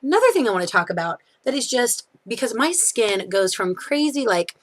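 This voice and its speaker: A young woman giving a casual, chatty review of beauty products, full of fillers and quick self-corrections. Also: on the high side, big pitch swings. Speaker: beauty vlogger.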